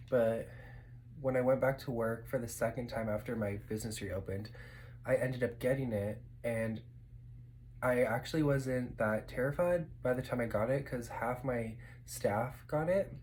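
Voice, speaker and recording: A man's voice: mid-range voice, a little mellow, slight background noise, poor audio. Casual male vlogger, mid-range voice, loose filler-heavy delivery, eating at home. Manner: rambling and chatty, with many fillers. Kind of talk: casual eating vlog chat.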